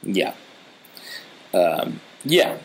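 A man with a fairly low voice, talking in a loose, easygoing way as he recaps a TV episode. He keeps slipping into goofy riffs while he chats with a co-host. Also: sing-song, very slow. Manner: joking, easygoing, drifts into silly riffs. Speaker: podcast co-host. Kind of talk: casual TV recap chat.

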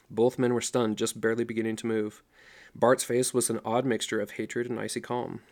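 A middle-aged man reading a novel aloud as narrator, in a steady storytelling voice. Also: medium pitch, brisk. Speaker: audiobook narrator. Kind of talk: scripted narration.

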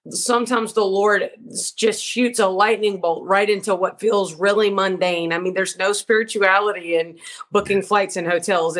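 Woman minister, interview guest, fervent preacher-style storytelling. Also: mid-range voice. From Georgia, USA. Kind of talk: interview testimony.

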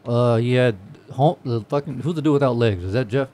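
Male podcast host, mid-pitched, crude and jokey, laughs a lot. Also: brisk. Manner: profane, laughs often, loud bursts when joking. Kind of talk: casual podcast banter.

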